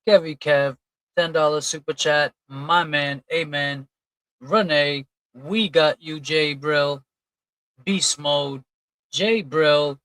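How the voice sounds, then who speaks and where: A man's voice: fairly high pitch, a bit bright, dry recording, rough recording. A man hosting a casual livestream, reading out and thanking chat donors in a loose, chatty way. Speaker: livestream host.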